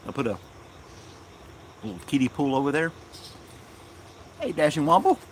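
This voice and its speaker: A man chatting casually on a live stream in his yard, rambling and unhurried, talking fondly to his dog. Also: a little high, expressive, a little mellow, slight background noise. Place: outdoors in a yard.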